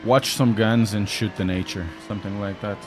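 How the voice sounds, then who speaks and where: A man with a Portuguese accent and a very low, deep voice talks loosely to his stream audience, joking and answering chat between corners. A faint hiss of noise sits under his speech. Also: fairly even intonation, normal speed. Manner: chatty, joking, answering chat while driving. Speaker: sim racing streamer. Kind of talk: casual live-stream chat.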